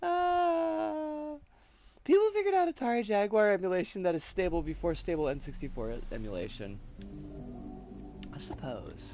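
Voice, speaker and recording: A woman streaming a video game, swearing often as she yells at the game and rambles with her chat in between. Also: mid-range voice, expressive, moderate pace, long pauses, soft background music. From United States. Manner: swears constantly, yelps and curses at the game, then drifts into rambling chat. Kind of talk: casual live game commentary. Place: home streaming setup, living overseas.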